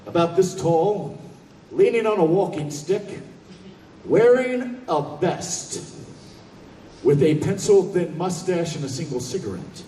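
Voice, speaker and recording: A man telling a comic story on stage in a convention hall, animated, profane and laughing. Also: high-pitched, takes it slowly, slight background noise. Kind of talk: stand-up storytelling. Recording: echoey hall from far off.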